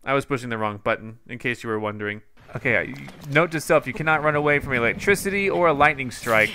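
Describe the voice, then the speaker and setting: A man giving casual let's-play commentary over a video game. He is excitable, laughs often and yelps out exclamations. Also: medium pitch, fast talker, a little hiss or hum. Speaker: gameplay channel host.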